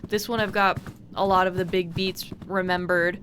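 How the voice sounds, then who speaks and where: A woman's voice: fairly low pitch, little pitch movement, moderate pace, fairly bright tone, a little hiss or hum. A woman streaming a horror game, chatting and swearing casually as she plays and talks to the characters. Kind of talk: casual let's-play commentary.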